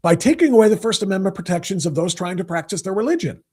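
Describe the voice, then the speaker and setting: Angry husky-voiced male talk host. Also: high-pitched, expressive, fast, darkish tone. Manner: angry, combative, sarcastic. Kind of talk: political commentary rant.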